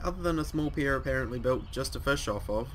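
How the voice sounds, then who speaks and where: A man's voice: mid-range voice, quick pace, slight background noise. A young man reading a visual novel aloud, breaking off into joking, sweary asides. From New Zealand. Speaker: let's play host.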